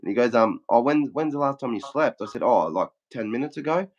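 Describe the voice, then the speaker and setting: A young Australian man talks in a casual, rambling way, with swearing in nearly every line and quoted dialogue in his retelling. His voice sits at a middle pitch. The sound is dull and lo-fi. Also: fairly quick, very noisy. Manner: swears a lot, acts out quotes in a flat retelling. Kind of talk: casual chat.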